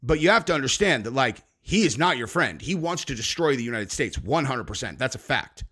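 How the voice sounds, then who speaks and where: A man's voice: mid-range voice, lively intonation, a little fast, bright, forceful tone, slightly rough. A man hosting a podcast, ranting in a heated, profane, scolding way. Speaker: podcast host. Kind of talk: political rant on a podcast.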